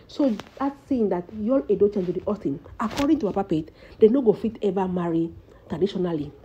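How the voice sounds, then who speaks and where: A woman's voice: mid-range voice, fast, mellow, lo-fi sound, slight background noise. A woman with a Nigerian Pidgin English accent giving dramatic gossip commentary and calling out often to her listeners. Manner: dramatic storytelling, repeatedly calling out to her audience. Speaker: celebrity gossip vlogger.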